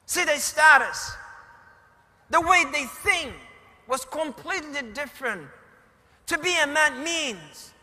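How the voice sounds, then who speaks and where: High bright-voiced preacher in echoing hall. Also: male voice, animated, a little slow. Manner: swings from hushed storytelling to shouted emphasis. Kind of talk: sermon storytelling. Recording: hall reverb.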